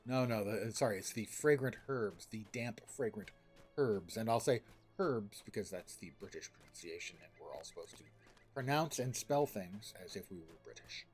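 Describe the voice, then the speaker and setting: A man streaming himself playing a game, talking in a loose, joking way. Soft music plays faintly under his voice. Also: lowish voice, animated, moderate pace. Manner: joking, chatty, reads game text aloud. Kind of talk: casual gameplay commentary.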